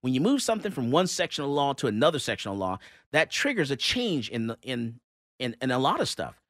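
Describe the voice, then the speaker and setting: A man hosting a talk radio show, telling a story in a casual, animated way with many fillers and restarts. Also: medium pitch, brisk, dry recording, studio quality.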